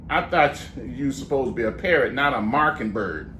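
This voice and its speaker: A man's voice: fairly high pitch, moderate pace, pushed and bright, reverberant, slight background noise. A man performing as a ventriloquist for children, coaxing and mock-exasperated with his parrot puppet. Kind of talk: children's comedy act.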